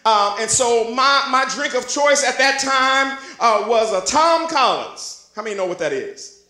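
A man preaching in a bright, high voice, trading jokes with his congregation and rising into shouts. His sermon rings through an echoey church. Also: lively intonation, a little slow. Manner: jokey and conversational, building to shouted emphasis. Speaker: bishop preaching. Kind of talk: live sermon.

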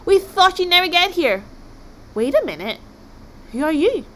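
Brief: fussy snappish sea god, harried host of a feast, read by a woman, raised pitch. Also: sing-song, normal speed, fairly bright tone, slight background noise, full character voice. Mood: impatient. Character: snappish busy male sea god cook.

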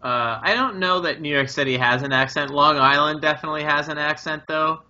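A man, co-hosting a podcast in casual chat, curious and quick to ask questions. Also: on the high side, pushed and bright, lo-fi sound. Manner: curious, asks questions, laughs easily. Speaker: podcast co-host.

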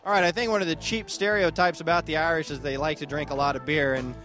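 A man hosting a comic street interview show outdoors, delivering dry, mock-serious jokes in a deadpan manner. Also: fairly high pitch, fast, over music. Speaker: comedy show host and interviewer. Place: outdoor festival grounds.

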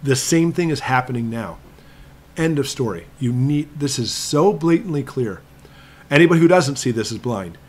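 A man's voice: medium pitch, lively intonation. Emphatic man hosting a live Q&A. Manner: emphatic, lecturing, slows down for stress. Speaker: prepping channel host. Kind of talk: live stream Q&A.

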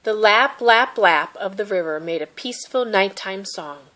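A woman reading a children's picture book aloud with gentle, expressive narration. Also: medium pitch, normal speed. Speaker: storybook reader.

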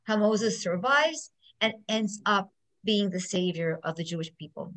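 Middle-aged woman judge, lively storyteller, inspirational talk. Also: mid-range voice, measured pace, low-quality recording. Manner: animated storyteller who acts out quotes. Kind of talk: inspirational speech with stories.

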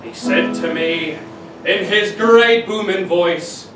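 A man in his twenties performing a self-mocking comic song with guitar, cracking deadpan jokes between lines. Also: high-pitched, slow. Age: 20s. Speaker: singer-songwriter. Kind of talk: comic song with spoken banter. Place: live cabaret stage. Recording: echoey room, distant mic, loud guitar.

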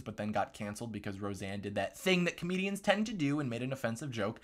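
A man's voice: mid-range voice, fairly bright tone. A man hosting a political commentary vlog, talking in a sarcastic, mocking way.

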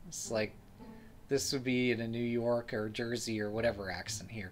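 A man's voice: mid-range voice, steady tone, normal speed, a little hiss or hum. A man chatting casually and joking while playing a game on stream. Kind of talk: casual let's-play commentary.

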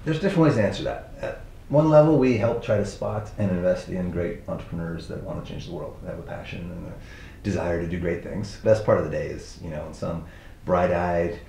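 A man's voice: deep voice, fairly quick, vocal fry, dark tone, reverberant, slight background noise, rough recording. A man from Texas answering interview questions in an easygoing, thoughtful way, with a light chuckle now and then. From Arizona and Texas. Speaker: interview guest, venture capitalist.

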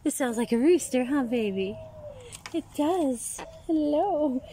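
Woman bird caretaker, unhurried and doting, recorded outdoors with birds calling in the background. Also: sits high, expressive, background noise. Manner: doting, coos praise at the bird. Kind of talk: casual chat with a pet bird. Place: outdoors in the sun. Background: birds calling and cooing.

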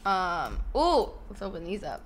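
A woman's voice: mid-range voice, very animated, measured pace, slight background noise. A young woman chatting casually on a live stream from her bedroom, swearing and thanking subscribers while fighting hiccups. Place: home bedroom.

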